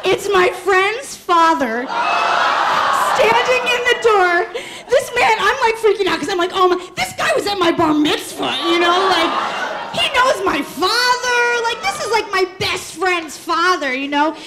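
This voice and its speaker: High-voiced woman telling a story on stage. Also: a little slow, a loud crowd. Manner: candid, rambling, full of "like" and "you know"; animated, laughing through punchlines. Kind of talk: live personal storytelling on stage. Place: storytelling stage before a live audience. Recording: live stage mic with audience noise. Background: audience laughter.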